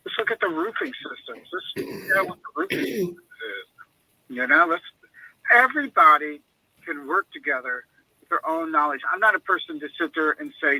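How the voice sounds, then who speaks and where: A man's voice: fairly high pitch, very animated, moderate pace, gravelly, pushed and bright, husky, no room sound, poor audio. A man on a radio chat, telling long rambling stories and acting out what people said to him. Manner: rambling storyteller who acts out quoted dialogue. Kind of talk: casual call-in chat.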